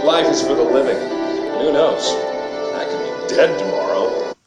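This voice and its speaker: A man's voice: medium pitch, a little slow, close to an everyday voice. An actor playing a theatrical, showy male host welcoming guests to a manor party, in a film with music. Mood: grandiose. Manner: grandiose and showy. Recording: film soundtrack with roomy echo and loud music.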